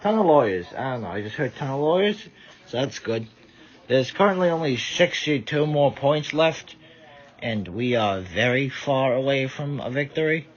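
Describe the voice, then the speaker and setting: A man's voice: mid-range voice, lively intonation, moderate pace. A tired man giving rambling casual live commentary, stumbling over his words. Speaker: vlogger. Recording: dull lo-fi audio.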